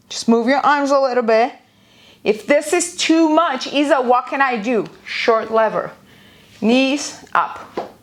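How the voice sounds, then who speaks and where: A fairly high-voiced woman leads a live workout from home, firing off exercise cues and countdowns with lots of energy. She speaks slowly and deliberately, stretching out her instructions, and her breathing shows the effort now and then. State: out of breath at times. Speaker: fitness instructor. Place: home, near a busy street.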